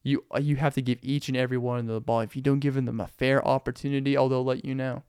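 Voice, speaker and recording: A young man hosting a podcast, telling rambling, animated stories in a casual monologue and laughing often. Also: medium pitch, quick pace, hardly any pauses, clean tone, no echo, studio quality. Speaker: podcast host.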